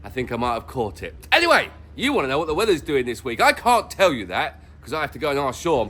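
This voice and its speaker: A man's voice: medium pitch, wildly swooping pitch, fast, hardly any pauses, bright, forceful tone, soft background music. A middle-aged man hosting a casual weather vlog, talking in a jokey, rambling way. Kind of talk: casual chatty weather update.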